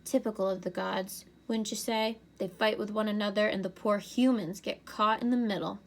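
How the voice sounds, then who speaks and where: A woman voicing a smooth, scornful teenage boy villain in a storybook reading, with a mocking, persuasive manner. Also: mid-range voice, fairly even intonation, moderate pace. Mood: taunting.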